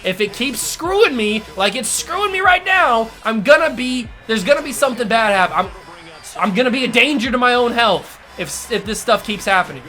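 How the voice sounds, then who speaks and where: Over faint background music, a gaming host fumes through his live commentary at a fairly quick clip. His intonation is lively, lurching from shouts down to mutters.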